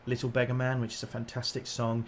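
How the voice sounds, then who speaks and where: A man's voice: mid-range voice, completely flat delivery, quick pace, slight background noise. A man co-hosting a casual livestream, chatting in a jokey, self-deprecating way about songs he sings. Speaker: shanty singer and co-host.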